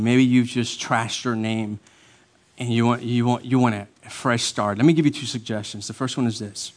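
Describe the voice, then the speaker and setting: A man's voice: fairly even intonation, a little fast. Emphatic male pastor preaching. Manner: emphatic, repetitive, swinging from loud highs to hushed lows. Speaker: lead pastor. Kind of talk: sermon.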